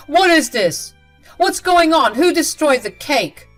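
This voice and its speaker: A woman voicing an angry young husband who speaks loudly and sternly to his mother. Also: medium pitch, very animated, normal speed, faint music behind. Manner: loud, stern, confrontational.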